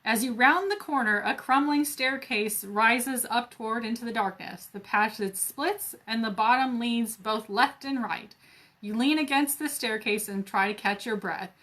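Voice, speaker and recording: Bright, playful woman storyteller. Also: fairly high pitch, measured pace. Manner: playful asides, laughs at herself. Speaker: library storyteller. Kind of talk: reading a children's adventure book aloud.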